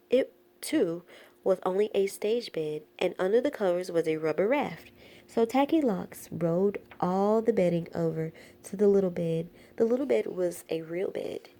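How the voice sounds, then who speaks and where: A woman reading a children's picture book aloud in a playful, expressive way. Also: fairly low pitch. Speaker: storyteller.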